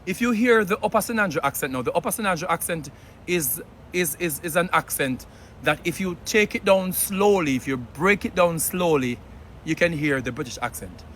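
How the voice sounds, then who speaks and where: A man's voice: on the high side, lively intonation, moderate pace, fairly bright tone, a little hiss or hum. A Jamaican man giving earnest commentary, slipping patois into his English. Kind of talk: opinion commentary.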